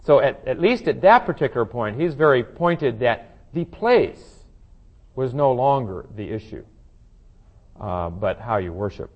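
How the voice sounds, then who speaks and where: A man teaching scripture to a class, talking it through in a relaxed way with plenty of "uh"s and restarts. His pitch sits in the middle range. The recording is dull and lo-fi. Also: a little slow. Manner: conversational, thinking aloud with frequent fillers and restarts. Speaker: Bible study teacher. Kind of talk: verse-by-verse Bible study teaching.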